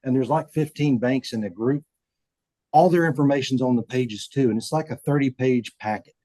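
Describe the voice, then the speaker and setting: A man, a bank chief telling stories in a relaxed interview, folksy and often repeating words as he acts out quotes. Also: medium pitch, normal speed, dry recording, rough recording. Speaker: bank CEO, podcast guest. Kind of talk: casual storytelling interview.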